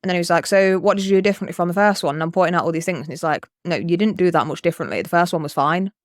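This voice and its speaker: A podcast co-host chatting casually and telling stories with plenty of swearing and acted-out quotes. The voice sits at a middle pitch and sounds dry and close, with no room echo. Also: racing. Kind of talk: casual chat.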